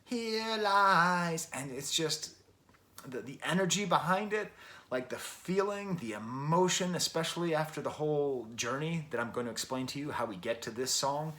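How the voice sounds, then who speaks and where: A man's voice: on the high side, expressive, a little fast, fairly bright tone. An American man from Western New York giving a casual, rambling album review, often correcting himself mid-sentence and tossing in wry asides. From Western New York, USA.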